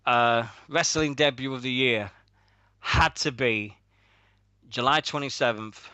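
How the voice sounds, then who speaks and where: A British man with a bright, forceful voice co-hosts a radio show in loose, sweary banter and laughs at his own stories. He is recorded up close and dry, with no room sound. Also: mid-range voice, measured pace, no room sound. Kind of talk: casual podcast banter.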